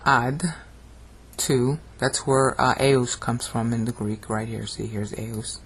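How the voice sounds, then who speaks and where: Slow, flat and husky, with a mid-range voice that's a bit bright, this teacher of Bible languages walks through a slide-based video lesson word by word. He keeps asking "okay?" and chants ancient phrases, building to dramatic rising emphasis.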